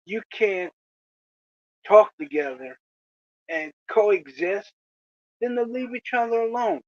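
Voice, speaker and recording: A vlogger delivers a slow, moralizing lecture aimed at feuding creators, stopping again and again for a "you know?". The voice sits dry and close, with no room sound. The recording is dull and lo-fi. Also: mid-range voice, lively intonation, no echo. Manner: preachy, lecturing, repeats "you know?" often. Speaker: video creator addressing rival channels. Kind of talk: moralizing monologue to camera.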